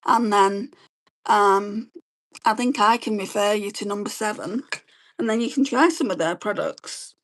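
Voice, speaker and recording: A woman, chatting quickly and rambling as she does her makeup and reads viewer comments on a beauty livestream. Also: mid-range voice. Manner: fast-talking, chatty, rambling. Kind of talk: casual chat while doing makeup and reading live comments.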